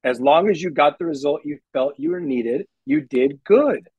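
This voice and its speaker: A man's voice: fairly high pitch, a little mellow, husky, no room sound, poor audio. A man co-hosting a podcast in casual chat, protesting and laying out his points one by one. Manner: protesting, deliberate, lists points. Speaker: podcast co-host.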